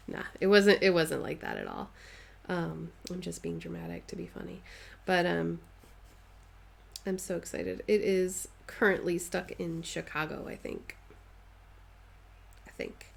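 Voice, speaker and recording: Gravelly-voiced chatty woman. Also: on the low side, very animated, measured pace, pauses often. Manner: chatty, reads out viewer comments, playfully dramatic. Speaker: crafting live-streamer. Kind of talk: casual live-stream chat while cross-stitching.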